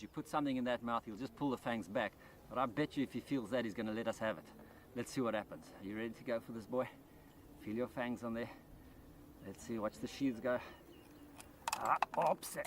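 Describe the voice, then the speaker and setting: A man's voice: mid-range voice, slight background noise. A man presenting a wildlife documentary outdoors by rice paddy fields, enthusiastically explaining as he handles a snake.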